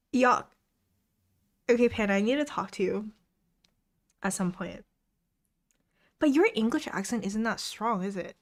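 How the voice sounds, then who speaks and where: Seated at her home desk during a study stream, a young woman chats casually with viewers in a medium-pitched, lively voice. She speaks slowly with long pauses, reads comments aloud and laughs frequently.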